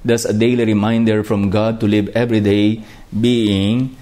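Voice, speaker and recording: A man's voice: fairly low pitch, level tone, mellow. A man with a Filipino accent preaching a sermon, reflective and emphatic on key phrases. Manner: slow, reflective, with rising emphasis on key words.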